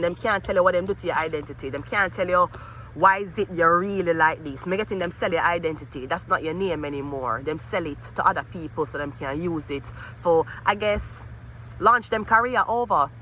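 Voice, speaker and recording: A woman with a Jamaican accent doing a profane tarot reading vlog outdoors, swinging between angry rants and low muttering. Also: fairly quick, sharp tone, a little hiss or hum. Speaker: tarot reader.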